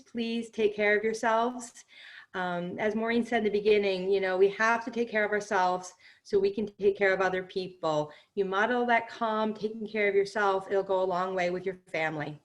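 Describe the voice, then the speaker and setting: A woman's voice: mid-range voice, steady tone, normal speed. A woman hosting an online presentation, giving casual closing remarks to the audience over a video call. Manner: casual, friendly, addresses audience as "guys". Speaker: webinar host.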